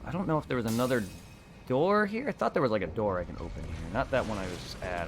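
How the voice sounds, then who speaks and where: A young man streaming a game, chatting casually in a rambling, excitable way and swearing a lot. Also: mid-range voice, fast, soft background music. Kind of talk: casual gameplay commentary.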